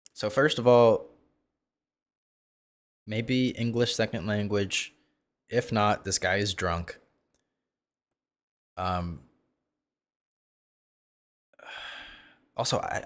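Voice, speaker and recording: A man commenting on a video during a live stream, brash and profane, mocking the creator and breaking into sudden loud outbursts. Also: on the low side, slow, long pauses.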